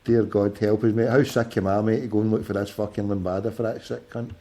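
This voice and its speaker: A man's voice: fairly low pitch, level tone, fast talker, dark tone. Sweary Glaswegian man in his forties. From Scotland. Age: 40s. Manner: sweary, combative banter. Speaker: podcast host. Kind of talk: casual call-in chat.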